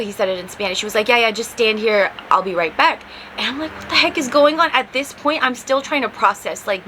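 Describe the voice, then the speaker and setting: A young woman hosting a podcast, telling a story in a casual, animated way and acting out the quotes, with some swearing. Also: a little high, slight background noise, low-quality recording. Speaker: podcast host.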